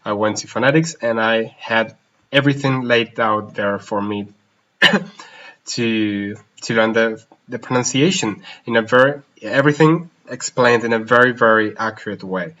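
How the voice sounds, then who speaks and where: A man's voice: fairly low pitch, normal speed, a bit bright. Man chatting on a language stream. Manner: switches languages mid-sentence, reads questions aloud. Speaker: polyglot streamer answering viewer questions; language teacher. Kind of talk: casual live Q&A. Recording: slightly dull lo-fi stream audio.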